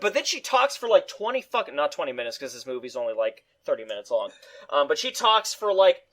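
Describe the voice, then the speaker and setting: A man co-hosting a casual movie review chat, ranting in a profane, animated way. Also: a little high, brisk.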